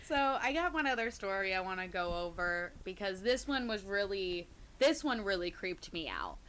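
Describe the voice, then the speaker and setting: Bright-voiced woman retelling scary stories. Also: mid-range voice, very animated, normal speed, a little hiss or hum. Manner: retells scary stories, drops to hushed tones, laughs often. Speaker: podcast co-host. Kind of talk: casual storytelling chat.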